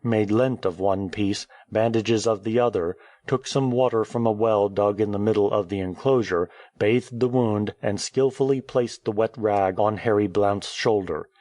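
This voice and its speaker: A man reading a classic novel aloud as an audiobook narrator, steady and measured. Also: on the low side, no echo. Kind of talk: scripted narration.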